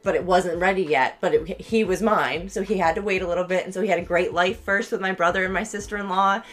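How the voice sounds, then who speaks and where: A woman's voice: lowish voice, fairly even intonation, quick pace, a bit bright. A young woman co-hosting a podcast in casual chat, rambling with lots of likes and restarts. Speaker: podcast co-host.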